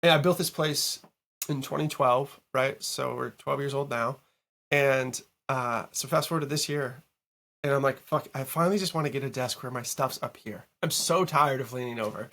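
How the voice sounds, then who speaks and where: A man as a podcast guest, a music producer telling a story in casual interview chat, animated and full of fillers and the odd curse. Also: medium pitch, moderate pace. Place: home recording studio.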